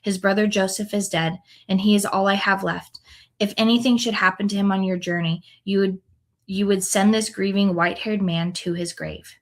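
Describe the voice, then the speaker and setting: A woman's voice: mid-range voice, steady tone, normal speed, lightly acted. A woman reading the lines of a grieving old father who fears losing his sons, in a pleading, mournful tone. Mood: anguished. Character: grieving old man, father fearing loss.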